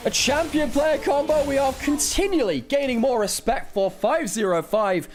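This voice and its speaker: A man from Wales calling a live esports match as a commentator, excitable and quick to groan and swear at bad plays. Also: extremely high pitch.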